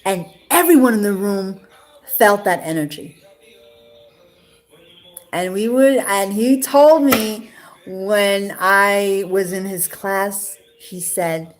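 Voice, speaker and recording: A woman's voice: mid-range voice, a little slow. Emotional, rambling woman from New York. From Queens, New York. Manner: rambling, with many fillers and restarts; emotional, close to tears at times. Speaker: interviewee sharing her love life. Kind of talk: casual personal storytelling.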